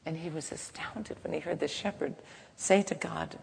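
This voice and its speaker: Low-voiced woman giving a gentle devotional talk. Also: gravelly. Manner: gentle, unhurried, halting, softly chanting. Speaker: spiritual teacher. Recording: reverberant hall, faint background noise.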